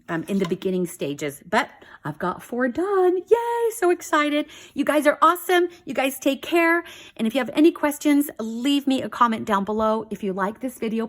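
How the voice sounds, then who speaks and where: A woman hosting a casual craft flip-through video, excited and gushing, often saying "you guys" and a little out of breath. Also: mid-range voice. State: slightly out of breath. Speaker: craft channel host.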